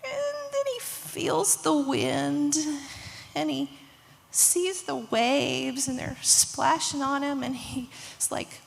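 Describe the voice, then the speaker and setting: A woman teaching a children's church lesson, telling a Bible story with lively voices and hushed moments. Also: high-pitched, takes it slowly, vocal fry. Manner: animated storytelling, acting out voices, hushed emphasis. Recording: long hall reverb.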